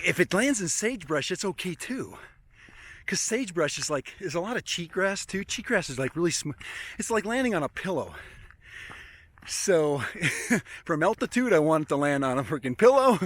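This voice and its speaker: A chatty man talks his way through a hike in open country, rambling casually. His voice sits a little high for a man. The sound is dry and close. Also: a bit bright, no echo. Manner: chatty and rambling, chuckles often. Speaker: drone hobbyist vlogger. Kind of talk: casual outdoor vlog narration. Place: outdoors in open country, hiking.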